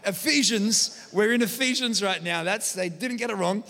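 Lively pastor, high bright voice. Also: male voice, moderate pace, gravelly, in a large hall. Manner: energetic, joking, animated storytelling. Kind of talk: sermon. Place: large church hall.

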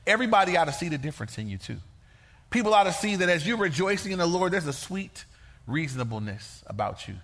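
Pastor dude preaching, high bright voice, folksy and chatty. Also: male voice, quick pace. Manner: lively, folksy, conversational preaching. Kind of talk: sermon.

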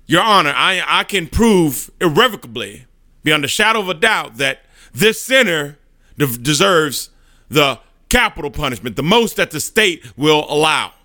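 A man voicing Satan as a heated, insistent prosecutor in a heavenly courtroom, speaking higher than his own voice. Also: very animated, moderate pace, sharp tone. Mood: pompous. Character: Satan as an accusing male prosecutor, irritated.

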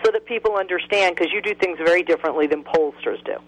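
A woman hosting a radio interview, asking questions haltingly, with many "um"s and "uh"s. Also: fairly low pitch, rough recording. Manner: hesitant, many fillers. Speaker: radio host.

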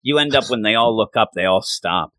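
A man's voice: fairly low pitch, lively intonation, brisk, a bit bright, no room sound. A man co-hosting a casual chat, talking with enthusiastic rambling and acting out lines from the story. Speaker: comic book podcast co-host.

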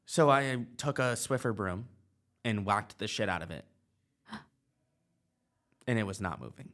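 A man's voice: fairly low pitch, measured pace. A man co-hosting a podcast, telling a story in casual chat with lots of fillers. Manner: animated storytelling with many fillers. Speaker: podcast co-host.

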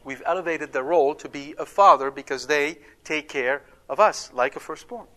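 A man teaching a Bible study, talking conversationally, asking his listeners questions and slowing down to stress key words. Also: on the high side, sharp tone. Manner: emphatic, slows to stress words.

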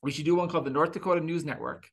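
A man's voice: on the high side, fairly even intonation, very fast. A man co-hosting a podcast in casual chat, hesitant and full of fillers, with dry humor. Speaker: podcast co-host.

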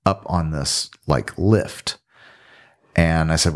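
A man from the American South, a film director as guest, telling animated stories in casual conversation in a podcast studio. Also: extremely low pitch, slow. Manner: animated anecdote-teller, trails off and restarts. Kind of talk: casual storytelling in an interview.

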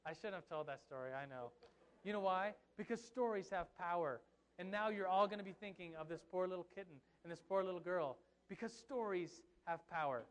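Speaking briskly in a higher register, a young man preaching as pastor animates a Bible story with jokes and side remarks to the congregation.

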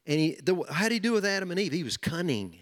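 A man preaching with a fairly high voice. He talks emphatically, circling back on key phrases and pushing harder as he goes. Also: sing-song, fast. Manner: emphatic, repeating key phrases, building in intensity. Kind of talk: sermon.

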